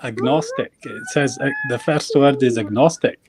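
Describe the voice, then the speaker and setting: A man's voice: medium pitch, huge pitch swings, moderate pace, a crowd in the background. A man calling into a live stream, pushy, repeating his challenges. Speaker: caller.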